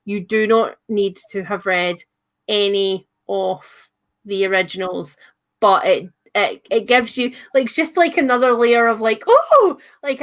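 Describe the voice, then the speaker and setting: A woman's voice: fairly high pitch, a bit bright. Scottish woman, young adult, livestream host, casual chat, giggly, teasing, at home. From Scotland. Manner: chatty, giggly, playful teasing. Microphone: livestream setup.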